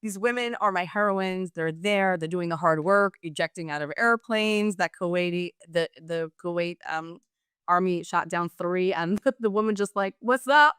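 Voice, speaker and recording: A woman panelist with a lowish, very clear, crisp voice and a dry, close sound. She chats casually on a news show, gushing and animated, with filler words everywhere. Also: moderate pace, dry recording. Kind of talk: casual chat.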